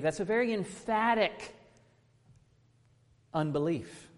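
A man's voice: sits high, lively intonation, measured pace, big-room sound. A man in his thirties preaching a sermon, earnest and emphatic, asking rhetorical questions.

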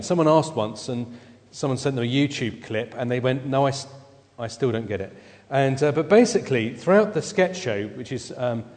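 A man preaching a sermon in a church, conversational and halting, with many fillers as he goes. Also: mid-range voice, darkish tone, long reverb tail.

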